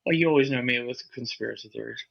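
A man's voice: medium pitch, fast talker, creaky. A man in casual chat who rambles along with lots of filler words. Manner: rambling, lots of "like" and "you know". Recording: lo-fi dull sound.

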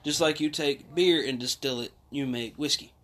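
Bright-voiced man explaining. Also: on the high side, moderate pace. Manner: explains patiently, many fillers and restarts. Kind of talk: casual chat.

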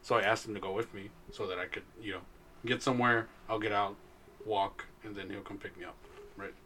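Bright-voiced young man telling a story. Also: fairly low pitch, fairly even intonation, brisk, a little hiss or hum. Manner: laid-back storytelling, laughs often, swears casually. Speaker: podcast co-host. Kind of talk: casual chat.

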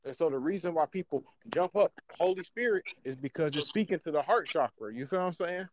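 A man in casual podcast chat, talking in an animated, slangy way and checking in with his listeners as he explains. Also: a little high, brisk. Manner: animated, slangy, often asks "you know what I'm saying". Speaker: podcast co-host.

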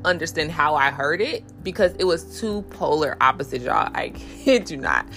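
Speaking at a moderate pace with an expressive, fairly bright tone, this podcast host opens up about faith in a casual chat, soft music playing in the background. Fillers and restarts come often, and she acts out inner voices with a raised pitch.

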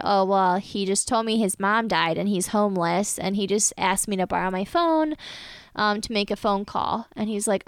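Animated woman telling a story, smooth voice. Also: medium pitch, dry recording. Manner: animated, acts out the quoted voices of others. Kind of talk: casual storytelling chat.

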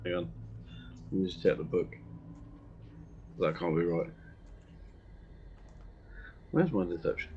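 A man's voice: low-pitched, steady tone, a little slow, long pauses, breathy edge, muffled recording. A man playing a tabletop game in casual chat, joking and swearing freely. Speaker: player.

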